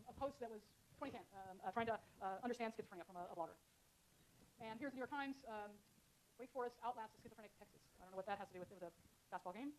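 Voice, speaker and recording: A middle-aged woman giving a university lecture in a loose, conversational way, with lots of ums and uhs. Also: fairly high pitch. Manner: fast, filler-heavy, conversational explaining. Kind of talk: classroom lecture. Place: lecture hall.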